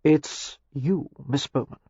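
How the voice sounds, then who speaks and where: A woman's voice: sits low, slow, mellow, husky, no room sound, heavily acted. A woman voicing an ardent young English lord who makes earnest, flowery declarations. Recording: slightly muffled lo-fi recording.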